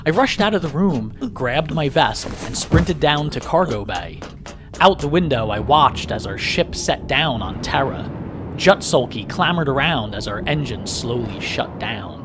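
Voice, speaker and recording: A man narrating a first-person story aloud with lively, dramatic delivery. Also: mid-range voice, a little slow. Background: background music.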